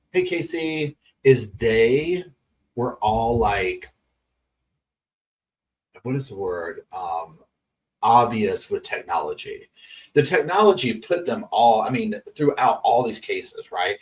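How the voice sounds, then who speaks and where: A man's voice: mid-range voice, distant mic. A man hosting a live true-crime chat stream, rambling casually and reading viewer messages aloud. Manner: chatty, rambling, many restarts, reads chat messages aloud.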